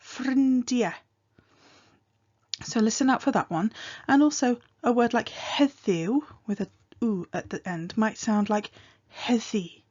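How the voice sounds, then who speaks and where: A woman teaching a language lesson, patiently explaining and modeling phrases slowly and clearly. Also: on the high side, animated, a little mellow, highs cut off. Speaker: Welsh teacher.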